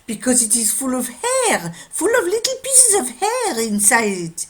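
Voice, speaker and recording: A woman's voice: on the high side, big pitch swings, moderate pace, voice pushed up. A woman doing a proud old watchmaker man. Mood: knowing. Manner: confident, matter-of-fact pronouncements. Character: proud elderly male watchmaker, sharp and sure.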